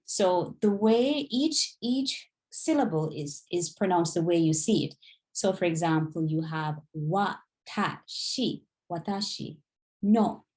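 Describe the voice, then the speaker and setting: A woman tutoring online, modelling pronunciation slowly and patiently in a one-on-one lesson. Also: lowish voice, a little mellow. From Jamaica.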